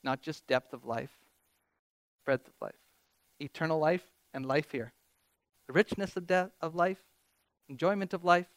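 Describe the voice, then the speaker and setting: A man preaching a sermon as pastor, animated, reading scripture with rising emphasis and joking about himself. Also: on the high side, normal speed, long pauses, dry recording. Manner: animated, quotes scripture with rising emphasis, self-deprecating humor.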